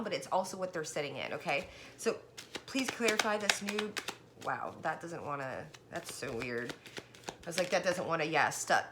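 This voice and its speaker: A woman giving a casual tarot reading, chatty and excited, talking straight to the viewer and a little out of breath. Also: medium pitch, slight background noise. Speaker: tarot card reader.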